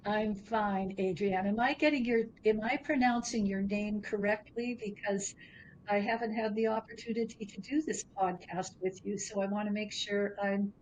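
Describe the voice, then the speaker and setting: A woman's voice: medium pitch, fairly even intonation, normal speed, muffled recording, slight background noise. Thoughtful woman business founder. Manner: thoughtful, searches for words. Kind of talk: interview answers.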